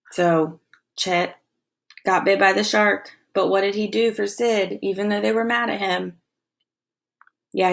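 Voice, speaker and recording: A woman teacher reading a novel aloud to her class with expressive storytelling, pausing to ask comprehension questions. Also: lowish voice, vocal fry. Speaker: elementary school teacher.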